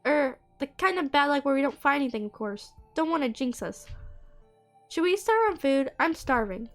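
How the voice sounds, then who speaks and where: A woman's voice: high-pitched, very animated, normal speed, faint music behind. A woman reading a chatty, friendly young woman. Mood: cheerful. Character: cheerful sleepy young woman, friendly cousin.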